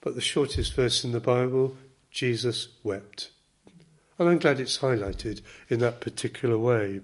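A man delivers a sermon in an earnest, measured way. His voice sits at an ordinary middle pitch, and he leans on key words with gentle emphasis. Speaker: preacher.

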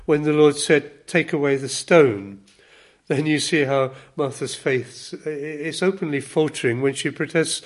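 Earnest man preaching a measured sermon. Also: fairly high pitch. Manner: measured, earnest, gently emphatic.

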